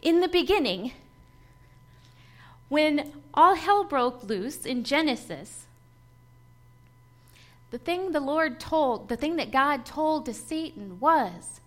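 Woman preacher, high voice, slow and deliberate, leans hard on repeats. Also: animated, a bit bright. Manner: emphatic, rhythmic preaching with lists and repetition. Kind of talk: sermon.

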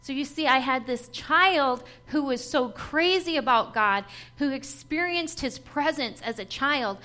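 A woman's voice: high-pitched, a little slow, sharp tone. A woman giving a personal testimony sermon to a church gathering, telling her story earnestly and with feeling, breaking into light laughs.

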